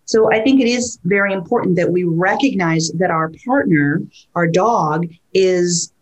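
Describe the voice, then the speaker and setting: A woman and dog trainer talking casually, lively, who keeps acting out what a dog or its owner would say. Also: lowish voice, measured pace. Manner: animated, acts out dog and owner voices. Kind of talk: conversational podcast talk.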